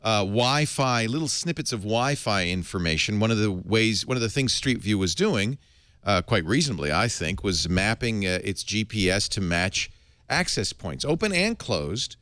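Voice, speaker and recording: A man's voice: fairly low pitch, normal speed, dry recording, clean studio sound. A middle-aged man hosting a podcast, reading tech news in a casual, wry way. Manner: wry, animated, slips into comic voices. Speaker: podcast host.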